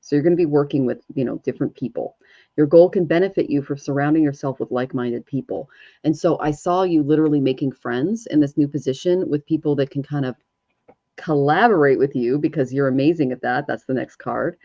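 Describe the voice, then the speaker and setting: Woman card reader on a home stream: soft, intuitive, meandering delivery; warm, slightly low voice, dull close audio. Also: brisk, no room sound. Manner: gentle, intuitive, talks in loose flowing phrases. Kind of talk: live online card reading.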